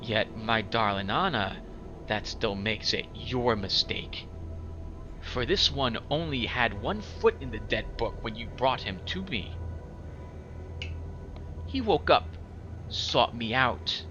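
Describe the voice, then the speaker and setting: A man's voice: medium pitch, big pitch swings, highs cut off, music in the background. A man playing a sly menacing fence on a crutch. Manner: slow, oily and threatening.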